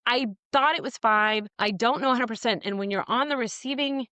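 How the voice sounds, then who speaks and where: A woman's voice: a little high, brisk, dry recording. A woman guesting on a podcast, telling a hard story from her past bluntly, with plenty of swearing and quoted dialogue. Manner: blunt, profane, animated retelling with quoted dialogue. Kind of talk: candid interview storytelling.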